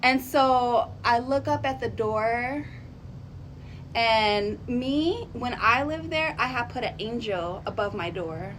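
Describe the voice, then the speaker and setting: A woman's voice: fairly high pitch, slow, a little hiss or hum. Chatty woman telling a home story. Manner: chatty, animated, laughs often, drawls words. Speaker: vlogger. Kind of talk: casual storytelling to camera.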